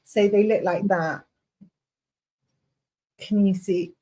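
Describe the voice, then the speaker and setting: A woman chatting casually on a livestream video call from home, playful and quick to laugh, fussing over how to pronounce Latin names. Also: medium pitch, steady tone, mellow, low-quality recording. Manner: giggly, playful, corrects pronunciation. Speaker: livestream co-host. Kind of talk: casual chat. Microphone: phone on a video call.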